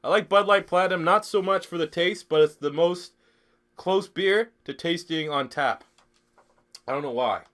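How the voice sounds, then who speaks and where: A young Canadian man who is sick, streaming a football video game live, clearing his throat, swearing and rambling through chat questions. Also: on the high side, normal speed, a bit bright. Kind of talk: live-stream gaming commentary.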